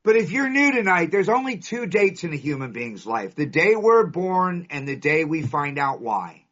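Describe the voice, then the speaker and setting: A Californian man with a fairly bright, sing-song voice on the high side speaks at a normal pace. He delivers an emphatic, storytelling share to a live recovery meeting, hammering points home with punchy lists, on a dull lo-fi recording.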